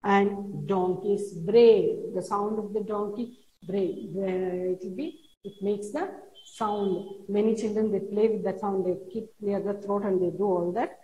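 A woman teaching a classroom lesson, reading a poem aloud and explaining each word slowly and repetitively to children. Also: mid-range voice, fairly even intonation, mellow, highs cut off. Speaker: schoolteacher. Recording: roomy echo.

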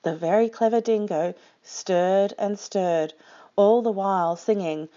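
A woman reading a children's picture book aloud with slow, expressive storytime delivery. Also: medium pitch, dull audio.

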